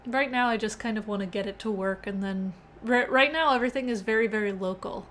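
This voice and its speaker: A woman's voice: medium pitch, fairly quick, a bit bright, a little hiss or hum. A young woman hosting a casual live-coding stream, chatting with viewers and often laughing. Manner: chatty, reads chat aloud, laughs often.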